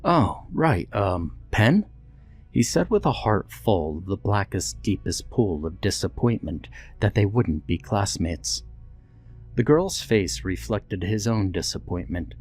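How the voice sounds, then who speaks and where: Low-voiced guy reading a creepy story, calm and reflective, soft music under it. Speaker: narrator. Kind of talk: scripted horror story narration. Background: faint background music.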